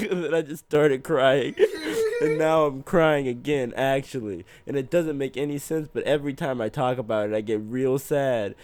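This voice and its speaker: A man's voice: medium pitch, a little mellow. A man as a podcast guest, telling a long casual story in a rambling, self-mocking way and laughing through his words.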